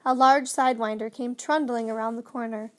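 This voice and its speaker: Woman narrator for a children's audiobook, clear and expressive, high voice. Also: brisk. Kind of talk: scripted storybook narration.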